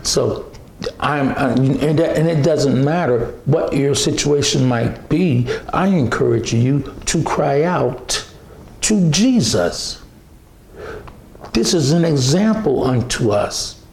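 A man preaching a sermon, slow and emphatic, repeating phrases and restarting often. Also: medium pitch, expressive, creaky, darkish tone, roomy sound, slight background noise.

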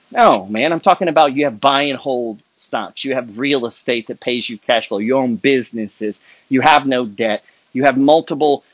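A man's voice: medium pitch, fairly bright tone, breathy edge, no echo. A middle-aged man ranting bluntly and profanely about building wealth, lecturing his viewers with rising heat. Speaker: wealth-building content creator. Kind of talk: unscripted rant to camera.

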